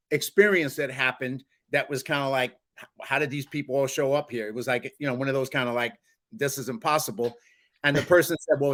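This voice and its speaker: A man's voice: medium pitch, a bit bright. A man from New York hosting a podcast in casual conversation, telling anecdotes with frequent laughs. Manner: upbeat, laughs often, tells anecdotes. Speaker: podcast host.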